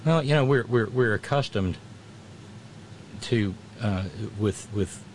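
A middle-aged man with a lowish, slightly slow voice hosts a livestream, with a little hiss or hum in the audio. He chats casually and reads viewer comments, rambling with many restarts and wry asides.

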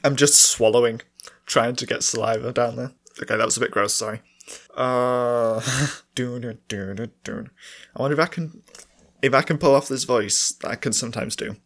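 A man's voice: mid-range voice, quick pace, fairly bright tone. A man with a dry, sore throat, co-hosting a podcast and rambling in a self-mocking way while laughing often. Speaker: podcast co-host. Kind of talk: rambling solo chat between sung takes.

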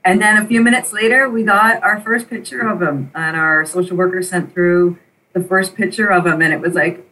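A middle-aged woman, an interview guest, telling a personal story in an animated, emotional way and repeating phrases for emphasis. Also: on the low side, moderate pace. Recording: voice a bit distant from the mic.

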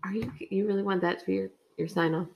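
A woman's voice: medium pitch, fairly even intonation, fast talker, vocal fry, dull audio. A woman co-hosting a podcast in casual chat, teasing and giggling. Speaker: podcast co-host.

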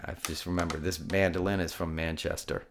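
Male podcast host in his 50s, very low voice, rambling and emotional, casual storytelling. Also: flat delivery, a little fast, noisy background. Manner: rambling, emotional, many restarts and digressions. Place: home room.

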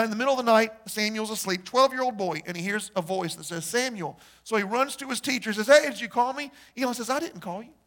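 A high-voiced man preaching to his congregation. He jokes, asks questions and breaks into sudden shouts between calmer stretches. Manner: animated, joking, shouts in bursts. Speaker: pastor. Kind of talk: sermon.

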